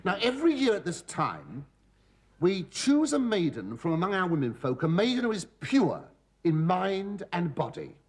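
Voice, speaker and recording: An actor playing a cheeky middle-aged slave who tells the audience the prologue with camp, innuendo-laden asides. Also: male voice, high-pitched, huge pitch swings, normal speed, slightly rough, full character voice. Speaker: narrator of the prologue. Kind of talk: sitcom stand-up address. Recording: live studio audience laughter.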